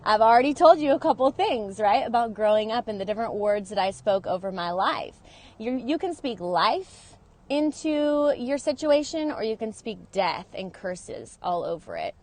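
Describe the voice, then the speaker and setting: A woman's voice: on the high side, very animated, moderate pace, darkish tone. A woman sharing a personal story in a confessional vlog, earnest and openly emotional, talking into her phone in and around her car. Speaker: vlogger.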